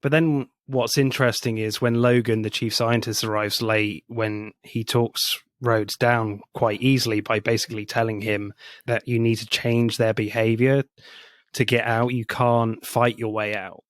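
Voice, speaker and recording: A man's voice: mid-range voice, level tone, a little slow, no echo, studio quality. A man co-hosting a film podcast, going through a movie's scenes in a casual, analytical way. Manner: analytical, retells scenes at length. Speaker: podcast co-host.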